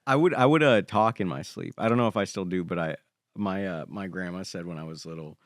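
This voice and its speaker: Podcast co-host, man, very low voice, rambling and hesitant, dry close mic. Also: fairly quick, no room sound. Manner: rambling, hesitant storyteller full of fillers. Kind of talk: casual chat.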